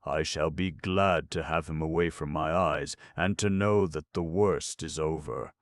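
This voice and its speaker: A man's voice: very deep voice, steady tone, a little slow, no room sound, studio quality. A man voicing a bitter, sullen young woman who has been drinking, in an audiobook. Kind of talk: audiobook character voice.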